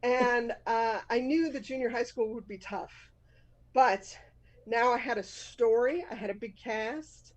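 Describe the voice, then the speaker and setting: Hosting a live storytelling show, a Boston-accented woman in her fifties tells a personal story candidly and often laughs at herself. Her voice is fairly high and her pace measured, with the highs cut off in the recording.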